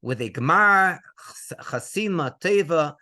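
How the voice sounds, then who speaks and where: A male rabbi telling a story in a lively way, mixing in Hebrew phrases and laughing between lines. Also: fairly high pitch, takes it slowly. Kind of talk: storytelling to an audience.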